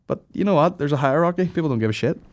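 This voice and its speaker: A man's voice: fairly high pitch, lively intonation, racing. A man hosting a comedy podcast, telling rambling sweary stories in casual banter. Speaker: podcast host.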